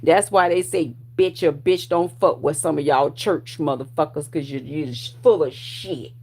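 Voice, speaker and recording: A woman in her forties rants straight at her online audience, swearing freely and daring anyone to argue. Her voice sits a bit low and has a gravelly, fry-laden edge. She talks like she is picking a fight and enjoying it. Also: moderate pace. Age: 40s. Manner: profane, confrontational, loud bursts of laughter. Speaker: vlogger. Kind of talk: ranting commentary to viewers.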